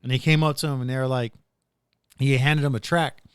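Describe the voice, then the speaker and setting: A man's voice: mid-range voice, steady tone, a little fast, smooth, no room sound, studio quality. A man hosting a casual podcast, rambling through retold stories with plenty of "dude" and "like". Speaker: podcast host.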